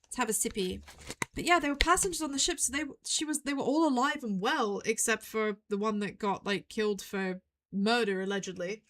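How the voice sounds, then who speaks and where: A young woman streaming a game, thinking aloud in an excitable way and repeating her own phrases as she puzzles things out. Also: fairly high pitch, brisk, slight background noise. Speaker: VTuber streamer. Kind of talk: live game stream commentary.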